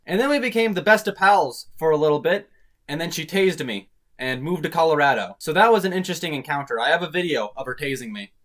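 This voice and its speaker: A man's voice: fairly high pitch, expressive, fast, fairly bright tone. A young man talking casually to camera in a rambling, self-deprecating vlog monologue. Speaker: YouTube vlogger.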